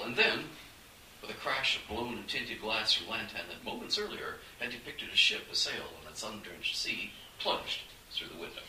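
Lively, bright-voiced male storyteller. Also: on the low side. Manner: animated, dramatic storytelling. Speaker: audiobook narrator. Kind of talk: fantasy audiobook narration. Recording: echoey room, distant mic, faint hiss.

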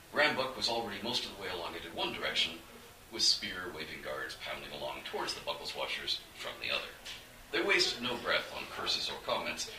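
A man narrates a fantasy adventure with a sweeping, animated pitch and a sharp, bright tone. His voice sits slightly low. He sounds set back from the mic in an echoey room with a faint hiss. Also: distant mic. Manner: animated, dramatic storytelling. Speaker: audiobook narrator.

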